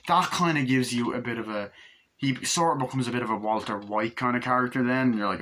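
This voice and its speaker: A man's voice: mid-range voice, quick pace, a bit bright. A man giving a casual, rambling film review, swearing freely and retelling scenes loosely. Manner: loose, profane, full of fillers and retellings. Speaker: movie reviewer.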